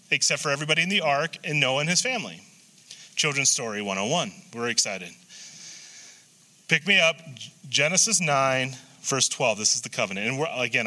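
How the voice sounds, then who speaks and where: A man preaching a casual, joking sermon as pastor, animated and prone to restarts. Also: mid-range voice.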